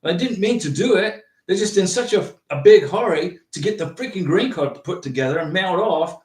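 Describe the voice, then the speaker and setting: A man hosting a livestream, chatting casually and reading out viewer comments in an animated, rambling way with many restarts. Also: high-pitched, normal speed, far from the mic. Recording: roomy echo, from off the mic.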